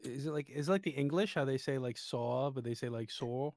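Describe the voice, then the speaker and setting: A man's voice: mid-range voice, brisk, a little mellow, no echo. Laid-back East Coast man, dry sound. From New Jersey, US East Coast. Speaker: guest. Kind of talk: casual chat.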